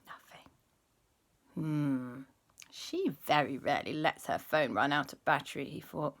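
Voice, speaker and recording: A woman telling a children's story as host, animated and dropping into spooky whispers. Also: deep voice, measured pace.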